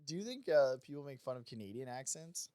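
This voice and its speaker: A man's voice: medium pitch, animated, fast talker, darkish tone, clear, resonant tone, dry recording. A man co-hosting a podcast in casual chat, teasing and asking lots of questions. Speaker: podcast co-host.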